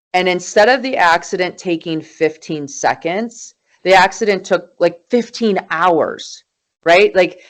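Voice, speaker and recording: A woman in her forties, a guest in an interview, telling her story in an animated, emphatic way. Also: on the low side. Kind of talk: conversational interview.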